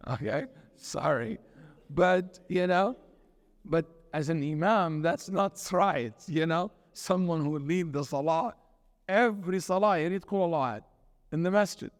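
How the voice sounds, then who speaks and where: A man serving as imam, giving a sermon and telling stories in an animated way, with Arabic terms and quotes mixed into his talk. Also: on the high side, studio quality. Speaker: imam and teacher. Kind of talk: sermon lecture with storytelling. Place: mosque hall. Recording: long hall reverb.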